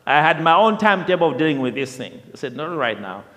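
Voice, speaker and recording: A man telling a personal testimony in a lively storytelling way, often repeating himself, with the long reverb of a large hall. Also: a little high, fast talker. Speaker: speaker sharing a testimony.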